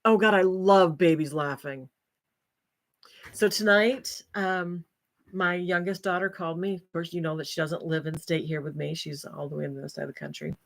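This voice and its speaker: A woman's voice: lowish voice, steady tone, normal speed, vocal fry. An older woman hosting a livestream, chatting casually with viewers and breaking into folksy exclamations. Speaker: livestream host.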